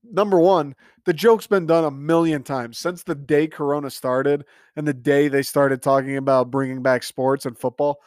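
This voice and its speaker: A man's voice: fairly high pitch, steady tone, normal speed, hardly any pauses, darkish tone, dry recording, studio quality. A young man hosting a solo podcast, ranting in a profane, exasperated way. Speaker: podcast host. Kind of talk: casual solo podcast rant.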